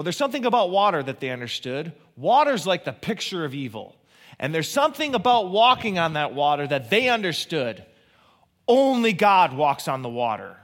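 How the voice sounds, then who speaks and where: High-voiced guy preaching, gets loud and excited then goes quiet and low, reads verses slow. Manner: animated preaching, rising to near-shouts on key points; drops to a soft, low near-whisper for emphasis. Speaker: pastor. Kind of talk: sermon.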